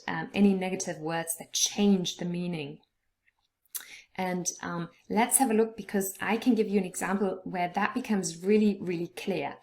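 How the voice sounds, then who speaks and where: A woman explaining word stress in a relaxed, chatty way, often checking in with "okay?". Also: fairly low pitch. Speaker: English teacher.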